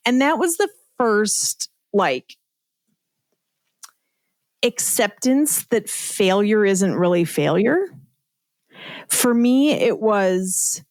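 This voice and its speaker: A woman's voice: mid-range voice, lively intonation, takes it slowly, dry recording. Middle-aged lady on a podcast, chatty, lots of "like" and "right?", mid voice, dry sound. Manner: chatty, frequent "like" and "right?", laughs at herself. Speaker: podcast guest, entrepreneur. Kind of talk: casual interview storytelling.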